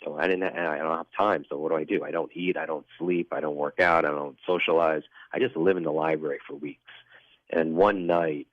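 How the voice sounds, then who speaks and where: A man being interviewed as a guest, telling a personal story in an earnest, reflective way, often halting and restarting. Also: very deep voice, fairly even intonation, dry recording. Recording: dull lo-fi dry recording.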